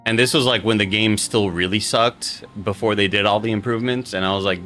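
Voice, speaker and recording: A man's voice: lowish voice, steady tone, a little fast, hardly any pauses, fairly bright tone, soft background music. A young man streaming live, chatting casually with his audience in a rambling, joking way and swearing freely.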